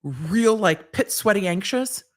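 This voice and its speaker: A woman's voice: medium pitch, expressive, slow pace. A woman hosting a live stream, telling a personal anecdote in a wry, casual way with the odd swear. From Southern California.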